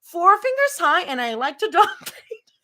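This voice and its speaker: A woman voicing an excited four-year-old girl, squeaky, shouty and earnest. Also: normal speed, exaggerated voice. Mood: proud.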